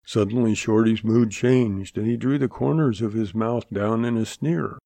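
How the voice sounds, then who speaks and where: A man narrating a western audiobook in a measured, plain storytelling delivery. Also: on the low side, gravelly, dark tone, dry recording. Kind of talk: scripted narration.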